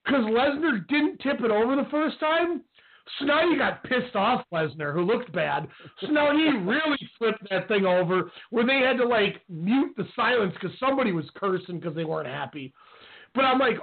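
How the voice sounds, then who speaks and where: Male co-host, high voice, excitable, phone-line audio. Casual wrestling chat. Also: normal speed. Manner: animated, acts out quotes. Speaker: podcast co-host.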